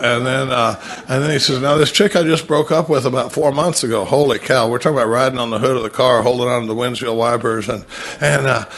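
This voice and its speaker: A middle-aged man speaks at a recovery meeting with a husky, slightly breathy voice at an ordinary pitch. He tells stories full of quoted dialogue and laughs often along the way. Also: fairly bright tone.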